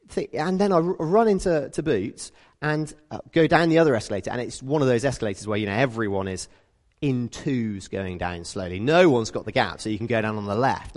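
A British man giving a conversational sermon, telling stories in a lively way and acting out the people in them. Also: medium pitch, big-room sound. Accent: British English. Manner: lively storytelling, acts out quoted people. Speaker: preacher.

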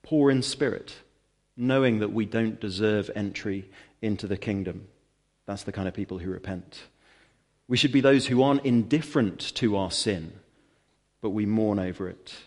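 A man's voice: on the low side, normal speed. A man preaching a sermon to his church, explaining scripture earnestly with rhetorical questions and emphatic repetition.

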